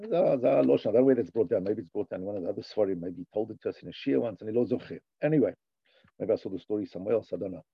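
Gravelly man teaching a text. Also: on the low side, very fast, no room sound. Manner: animated, sing-song rises on the read passages. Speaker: Torah teacher. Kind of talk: lecture reading a text and translating. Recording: dull, dry lo-fi recording.

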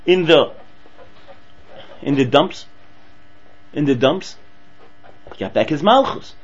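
Excitable man teaching Torah, lo-fi. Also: mid-range voice. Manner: excitable, repeats and restarts words. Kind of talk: animated Torah lesson.

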